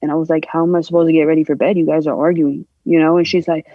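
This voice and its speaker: On a podcast, a woman guest with a lowish voice candidly shares a personal story, halting and emotional, and acts out the voices of people she quotes. The recording is dull and lo-fi, with no room sound.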